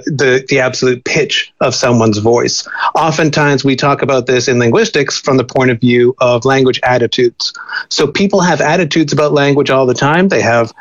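A man's voice: medium pitch, muffled recording. A man speaking as a linguistics guest, explaining thoughtfully with frequent restarts and repeated words. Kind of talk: conversational expert explanation.

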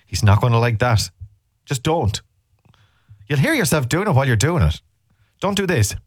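A man's voice: medium pitch, very animated, moderate pace, no room sound, studio quality. An Irish man hosting a radio show, chatting casually and teasing listeners as he rambles through the day's topics. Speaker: radio host. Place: radio studio.

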